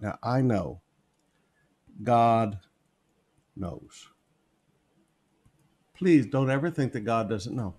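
A man's voice: mid-range voice, lively intonation, slow pace, long pauses, a little mellow, slightly rough. A man preaching a sermon, repeating key phrases for emphasis as he reads and explains scripture.

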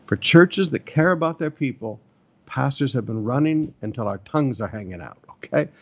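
A middle-aged man preaches to his church with earnest urgency, circling back to his key phrases. His voice carries a gravelly rasp at mid pitch. The recording sounds a little muffled and lo-fi. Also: lively intonation, normal speed. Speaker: pastor. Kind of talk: sermon.

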